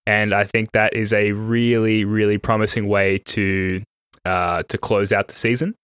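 A man's voice: on the low side, little pitch movement, a little slow, fairly bright tone, smooth, no echo, clean studio sound. A man hosting a podcast, chatting in a rambling, self-correcting way that turns enthusiastic. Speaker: podcast host. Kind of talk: casual analytical chat.

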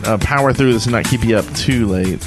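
A man's voice: medium pitch, a little fast, music in the background. A man hosting a podcast in an upbeat, bantering way. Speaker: podcast host. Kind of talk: casual chat.

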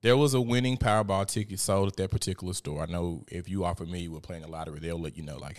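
A man's voice: sits low, fairly even intonation, quick pace, hardly any pauses. Profane, chatty man hosting a live show. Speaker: show host. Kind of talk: casual live-stream commentary.

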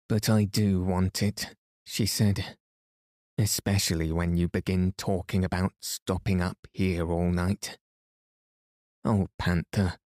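A man with a very deep voice reads a children's story at a slow, soothing bedtime pace. He gives the children's lines a light touch without leaving his calm, even manner. The recording is dry and close. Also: no room sound. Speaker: podcast host and bedtime story reader.

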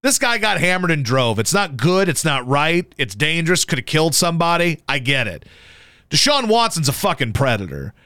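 A man hosting a radio show, chatting casually about sports in a profane, animated way and jumping into high yelps to mimic people. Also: normal speed, dry recording, clean studio sound. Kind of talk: casual sports talk banter.

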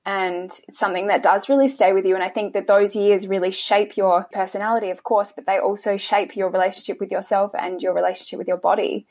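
A young woman, interviewed about her past, speaking in a soft, halting way and often restarting her sentences. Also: mid-range voice, fairly even intonation. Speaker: interview guest. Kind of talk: emotional personal interview.

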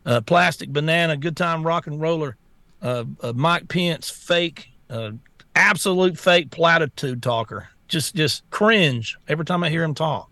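A man's voice: a little high, a little slow, dry recording. A man co-hosting a political talk show, ranting bluntly with many restarts. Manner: blunt, repetitive restarts, animated rants. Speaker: co-host.

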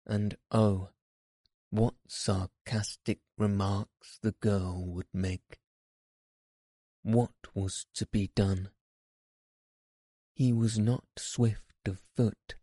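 Man, storybook narration, low mellow voice, slow, measured. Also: no room sound, clean studio sound. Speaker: audiobook narrator.

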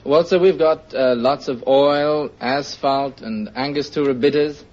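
Polite male contestant from Trinidad, mid pitch, dull old broadcast sound. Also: steady tone, a little slow, darkish tone. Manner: polite, brief answers. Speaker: quiz show contestant. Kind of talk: casual chat with a host.

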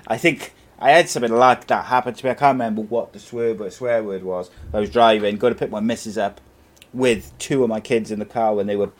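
A man's voice: fairly low pitch, fairly even intonation, fairly quick. Man in his 40s, easygoing podcast co-host, loose storyteller with frequent laughs. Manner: rambling storyteller, laughs often. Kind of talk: casual chat.

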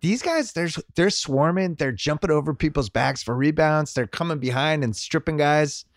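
A man's voice: on the high side, normal speed, dry recording, studio quality. A man hosting a podcast, talking basketball in a casual, opinionated way, laying out his points in short bursts. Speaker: podcast host. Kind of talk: casual sports chat.

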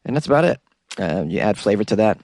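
Animated, jokey male podcast host. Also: fairly low pitch, fast, no room sound, studio quality. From New York. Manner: animated, jokey, rambling, often laughing at himself. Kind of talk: casual solo podcast monologue.

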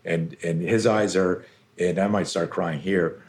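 A man's voice: low-pitched, fairly even intonation, unhurried, darkish tone. A middle-aged man, a self-defense coach, telling stories intensely and animatedly as a podcast guest, with casual swearing. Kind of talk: podcast interview storytelling.

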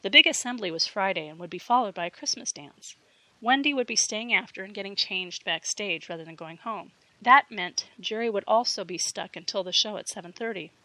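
Woman, audiobook narrator, steady storytelling, bright, dry recording. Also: mid-range voice, brisk, no room sound, rough recording. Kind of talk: erotic fiction reading.

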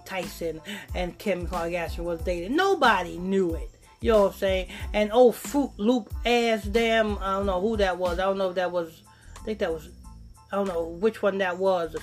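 A man hosting a podcast, ranting and mocking in a loud, profane way and laughing at his own jokes. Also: high voice, moderate pace, faint music behind. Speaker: podcast host. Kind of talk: ranting commentary on played clips.

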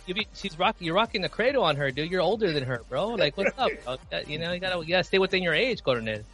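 A man's voice: sits high, sing-song, quick pace, fairly bright tone, soft background music. A man on a casual podcast, teasing and ribbing his co-hosts. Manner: teasing, ribs the others. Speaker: podcast co-host. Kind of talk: casual chat.

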